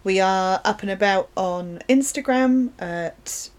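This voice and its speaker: A woman with a mid-range voice co-hosts a relaxed film podcast. She is chatty and playful, teases her co-host and rounds off the show with easy sign-offs. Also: mid-range voice. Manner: chatty, playful, quick to laugh. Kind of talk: casual film discussion.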